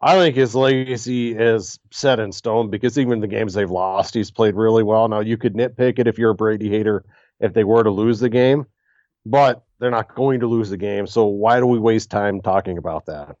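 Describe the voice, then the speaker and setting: A man co-hosting a sports podcast, relaxed and joking as he gives his takes. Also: on the low side, normal speed, dry recording. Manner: laid-back, joking. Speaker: podcast co-host. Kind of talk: casual sports chat. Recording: slightly dull, lo-fi mic.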